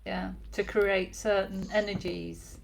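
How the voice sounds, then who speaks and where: A woman's voice: medium pitch, level tone, slow, vocal fry, over a noisy crowd, rough recording. A woman co-hosting a casual live-stream chat, relaying viewer questions in a chatty manner and laughing often. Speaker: co-host, moderator.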